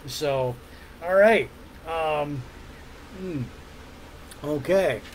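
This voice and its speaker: A middle-aged man hosting a laid-back podcast, his voice sitting a little high for a man. He rambles loosely with plenty of hums, fillers and the odd curse. A faint hiss sits under the voice. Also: very slow, rough recording. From Ontario, Canada. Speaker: podcast host. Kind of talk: casual rambling chat.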